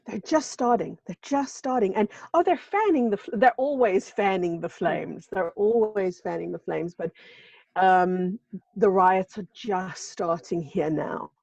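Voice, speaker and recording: An emphatic woman from South Africa talks over a video call, her voice mellow and dark. The sound is dry and somewhat dull, with no room around it. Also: medium pitch, a little slow, gravelly, dry recording. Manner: emphatic, repeats phrases for stress. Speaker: show co-host. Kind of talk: casual video-call chat. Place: home in a seaside village.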